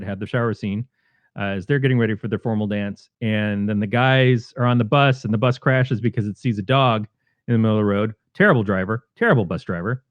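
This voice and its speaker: A man's voice: mid-range voice, dry recording, highs cut off. Man animatedly retelling movie scenes. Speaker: podcast co-host. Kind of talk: casual film review chat.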